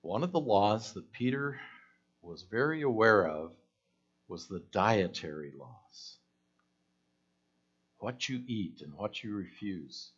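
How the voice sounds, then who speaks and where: A man's voice: on the low side, expressive, slow, pauses often, breathy edge, lo-fi sound. A man preaching a conversational sermon, asking the listeners questions and acting out the voices in the story.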